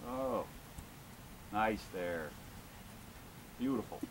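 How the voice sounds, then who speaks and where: A man's voice: fairly low pitch, expressive, extremely slow, background noise. A man coaching a dressage lesson, giving short commands and encouraging praise. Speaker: riding instructor.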